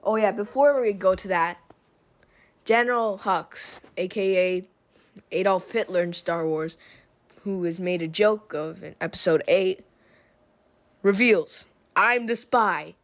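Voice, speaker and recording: A woman's voice: on the low side, unhurried, long pauses. A woman ranting about a film in a casual, sarcastic, rambling way, often exasperated. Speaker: video essayist. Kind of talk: opinionated casual film rant.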